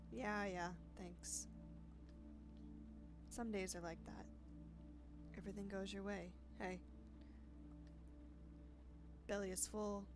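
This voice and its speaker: A woman streamer reading a story game's text aloud in a casual way, adding quick reactions, with game music behind. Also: mid-range voice. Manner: casual, adds quick reactions between lines. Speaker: let's play streamer.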